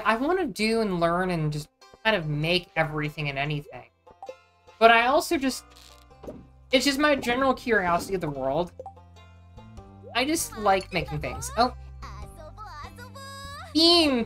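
A woman's voice: medium pitch, very animated, normal speed, long pauses, fairly bright tone, soft background music. A woman streamer chatting casually and thinking aloud as she plays a game. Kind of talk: casual gameplay chat.

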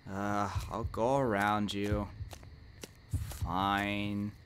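A man's voice: lowish voice, little pitch movement, very slow, background noise. A young man in a let's play horror game commentary, jumpy, talking back to the monster, with nervous laughs and sudden yelps. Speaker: gaming channel host.

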